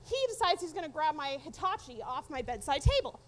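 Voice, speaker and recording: Very high-voiced woman telling a story. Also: big pitch swings, a little fast, fairly bright tone, a little hiss or hum. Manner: candid, profane, wry. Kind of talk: live personal storytelling.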